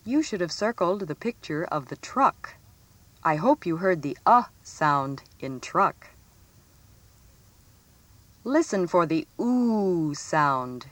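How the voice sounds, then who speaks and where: Woman teacher, deep-set voice, lively rising and falling delivery, reads a children's phonics lesson slowly and clearly. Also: no room sound. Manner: slow, clearly enunciated, sing-song emphasis on example words.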